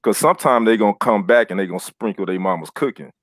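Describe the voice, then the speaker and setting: A man's voice: on the low side, quick pace, no room sound. A man co-hosting a casual panel show, speaking in a laid-back, reflective way and laughing easily. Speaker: co-host.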